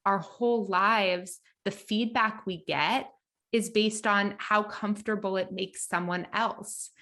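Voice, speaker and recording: A woman hosting a podcast, thinking aloud in a relaxed, conversational way. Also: mid-range voice, slow. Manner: thoughtful, conversational, many fillers and restarts while thinking aloud. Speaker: podcast host.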